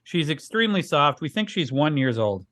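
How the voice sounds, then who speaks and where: A man's voice: fairly high pitch, sing-song, normal speed, a bit bright, no echo, studio quality. A man co-hosting a comedy podcast, chatting casually as the mildly exasperated straight man. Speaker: podcast co-host.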